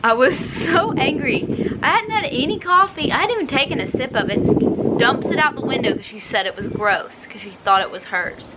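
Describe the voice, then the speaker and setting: A woman's voice: high-pitched, expressive, moderate pace, heavy background noise. A young woman, chatting bubbly and directly to her viewers in a casual vlog. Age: young adult. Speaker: vlogger.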